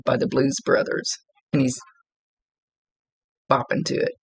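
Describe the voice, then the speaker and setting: A woman's voice: extremely low pitch, animated, measured pace, gravelly, slightly rough, no room sound. A woman working as a psychic medium, chattily relaying spirit messages in a casual reading and laughing now and then.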